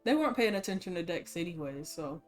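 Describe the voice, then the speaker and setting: A woman's voice: on the low side, animated, fast, soft background music. A woman narrating as game master, telling the scene loosely with fillers and laughs.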